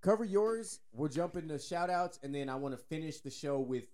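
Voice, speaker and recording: Texan guy cohosting a sports podcast, kinda high voice, loose and jokey, swears a lot. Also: expressive, normal speed, darkish tone. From Texas. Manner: loose, joking, swears freely. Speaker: podcast co-host. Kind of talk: casual podcast chat.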